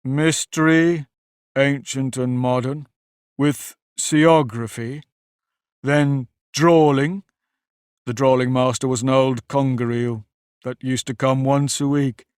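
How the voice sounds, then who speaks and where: A man voicing a sorrowful male Mock Turtle in an audiobook, sighing and drawing his words out slowly. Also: medium pitch, fairly even intonation, smooth, dry recording, clean studio sound, close to an everyday voice. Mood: mournful. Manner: slow, drawn-out, mournful delivery. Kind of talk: audiobook character voice.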